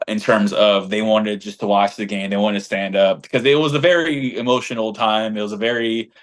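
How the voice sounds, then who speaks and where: A man's voice: lowish voice, steady tone, brisk. A man co-hosting a casual fan podcast, swinging his voice up and down as he tells a story. His talk is slangy and emphatic, full of restarts and asides. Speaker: podcast co-host and fan group leader.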